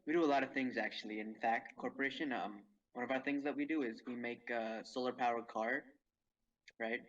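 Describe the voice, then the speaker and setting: A man's voice: mid-range voice, steady tone, fairly quick, a bit bright. A teenage boy guest in a casual podcast, talking hesitantly with many ums. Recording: distant, dull mic.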